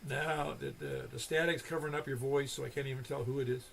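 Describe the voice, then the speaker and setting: Over a noisy crowd, an older net control host chats casually on an amateur radio net, rambling through stories with many restarts. His voice is mid-range with vocal fry, steady in tone and quick in pace.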